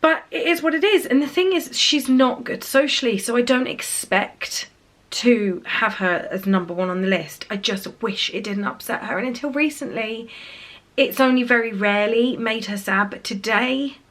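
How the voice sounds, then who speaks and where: A woman speaks in a gentle, soft-spoken way, her voice sitting a little high. She is a mum in her thirties vlogging casually to camera, often dropping low and quiet as she talks. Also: moderate pace. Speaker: parent vlogger. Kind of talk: emotional casual vlog.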